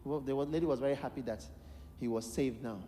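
A man with a Ghanaian English accent preaching a sermon, telling a story with lively acted-out voices and bursts of shouted prayer. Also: medium pitch, brisk, slight background noise. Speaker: bishop preaching. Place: large church hall. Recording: echoey large hall, live sermon.

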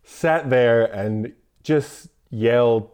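A man talking on a casual podcast, quick to laugh and to exclaim. He often acts out what others said in mock voices, with an ordinary mid-range voice. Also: medium pitch, a little mellow, clean tone.

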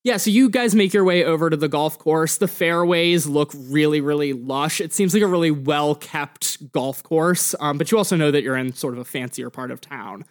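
A man's voice: on the high side, normal speed, hardly any pauses. A man narrating a tabletop game as game master in a casual, rambling way with lots of fillers.

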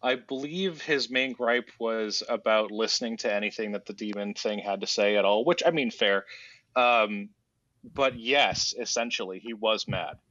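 A man's voice: fairly low pitch, normal speed, bright, forceful tone, no echo. Man, podcast host, sarcastic rambling recap, casual chat, dry slightly dull sound.

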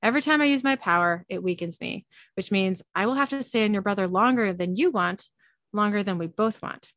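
A woman reads out a weary male angel living inside a man, speaking in measured, formal sentences. The voice is close and dry, with a middling pitch. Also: fairly bright tone, dry recording, lightly acted. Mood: solemn. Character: solemn weakened male angel inhabiting a man.

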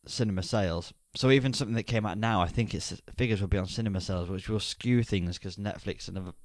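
Chatty man, low, dry sound. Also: quick pace, no echo. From Yorkshire, England. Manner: relaxed, chatty, laughs easily. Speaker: podcast co-host. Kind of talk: casual film podcast chat.

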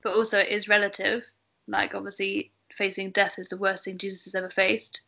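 Woman leading a Bible study, even-toned. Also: medium pitch, brisk, vocal fry. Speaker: Bible study group leader. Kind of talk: casual group discussion.

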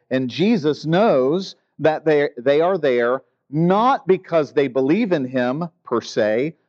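Animated male preacher, lo-fi sound. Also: on the high side. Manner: animated, acts out the grumbling disciples. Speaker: pastor. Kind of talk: sermon. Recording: dull lo-fi sound.

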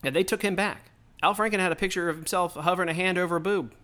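Talking straight into the mic, a man hosting his own podcast unleashes a heated, profane political rant that rambles along. His high voice is sharp and steady in tone, and he speaks quickly.

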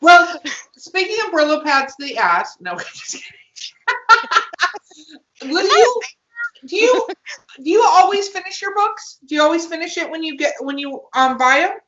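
Woman podcast host, high lively voice, bright and playful, roomy dull call audio. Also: normal speed, pauses often. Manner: laughing, playful, animated. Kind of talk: casual podcast interview.

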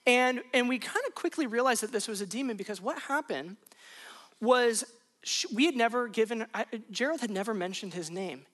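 A woman's voice: a little high, expressive, normal speed. A woman pastor preaching, telling a personal story in a loose, conversational way with frequent restarts. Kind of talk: sermon told as a personal story.

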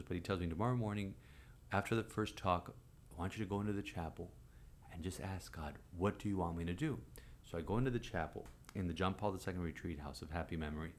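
A priest in his forties telling a personal story in conversation, animated and acting out quoted voices. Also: deep voice. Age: 40s.

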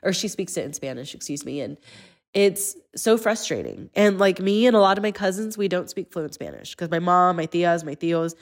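Brief: woman host, 30s, lowish voice, earnest, personal. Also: animated, moderate pace. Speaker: podcast host. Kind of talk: conversational interview.

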